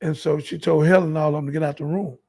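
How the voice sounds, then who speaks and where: A man from Texas, a guest telling a story in an animated, emphatic, colloquial way. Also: fairly high pitch, quick pace, gravelly, breathy edge.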